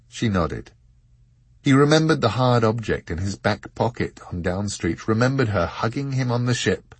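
Low husky male audiobook narrator. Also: expressive, moderate pace, dry recording. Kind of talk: scripted narration.

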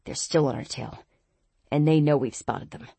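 A woman's voice: moderate pace, creaky, dark tone, husky, no echo, exaggerated voice. A woman reading as a teasing young man. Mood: tense, low. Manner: dry, laid-back teasing, turning low and terse. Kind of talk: audiobook character reading.

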